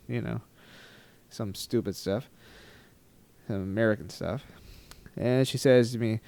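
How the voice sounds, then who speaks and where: A man telling a travel story in a rambling, animated, self-mocking storytime vlog style. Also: low voice, normal speed, vocal fry, no room sound. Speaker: travel vlogger.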